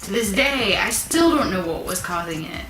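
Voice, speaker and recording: A woman vlogger telling a personal story in a casual, animated, chatty way, asking her viewers questions. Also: medium pitch, moderate pace, faint music behind. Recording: echoey room.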